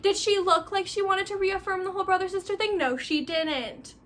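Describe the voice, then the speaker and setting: A young woman chatting casually about a book she loves, gushing and animated, packing her talk with "like.". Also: very high-pitched, normal speed. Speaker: book vlogger. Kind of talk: casual book review chat.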